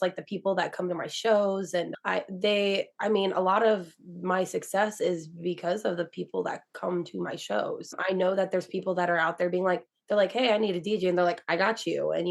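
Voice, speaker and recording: Low gravelly-voiced woman telling her story. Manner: storytelling, acts out quoted dialogue, emotional. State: teary-eyed. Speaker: guest, DJ. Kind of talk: casual interview chat.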